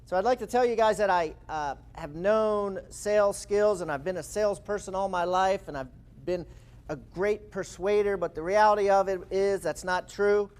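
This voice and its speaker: Man in his fifties telling a lively story. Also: high voice, normal speed, clear, resonant tone. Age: 50s. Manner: lively storytelling with acted-out quotes. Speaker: speaker. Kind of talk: motivational talk to an audience. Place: live presentation room.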